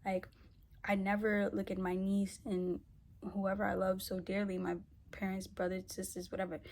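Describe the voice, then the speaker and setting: A woman wellness coach talking casually to the camera, energetic and conversational, often tagging her points with a quick question. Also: mid-range voice.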